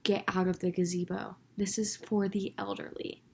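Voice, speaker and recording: A cranky old lady scolding and throwing insults at children, as a young woman retells her words. The pitch sits in an ordinary middle range and the delivery is blunt and cutting. It is heard inside a casual storytime vlog. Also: little pitch movement, moderate pace, vocal fry, darkish tone, slight background noise, close to an everyday voice. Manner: harsh and insulting. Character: mean scolding elderly woman neighbor.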